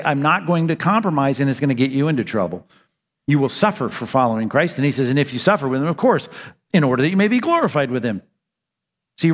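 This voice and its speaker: Earnest preacher man in a reverberant hall. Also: a little high. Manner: earnest, emphatic preaching with rhetorical questions. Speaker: pastor. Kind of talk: sermon.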